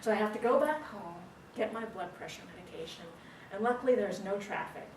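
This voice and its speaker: A woman giving an animated, dramatic storytelling speech at a speaking club, with pauses for effect. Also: mid-range voice, background noise. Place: meeting room. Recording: roomy distant recording with faint ambience.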